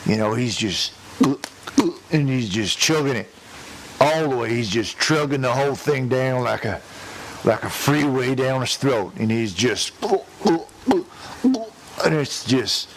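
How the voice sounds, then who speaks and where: A man doing a slow, drawling redneck storyteller. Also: mid-range voice, a little hiss or hum, rough recording. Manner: drawling, hesitant, full of uh and restarts; crude, chuckles at his own story. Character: rambling folksy redneck man, crude and long-winded. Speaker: prank caller telling a joke. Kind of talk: rambling prank-call joke telling.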